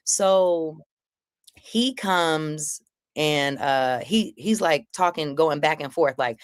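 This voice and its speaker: Low-voiced woman telling a wild story. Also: slow pace, clean tone, dry recording, studio quality. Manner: acts out quotes with big pitch jumps, swearing freely. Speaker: comedian guest telling a story. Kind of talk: animated storytelling on a live panel.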